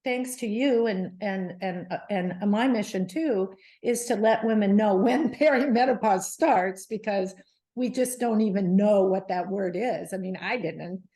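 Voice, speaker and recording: A woman's voice: medium pitch, unhurried. Chatty middle-aged woman telling her story. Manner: animated, lively retelling with restarts. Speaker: guest, menopause advocate. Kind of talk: casual storytelling interview.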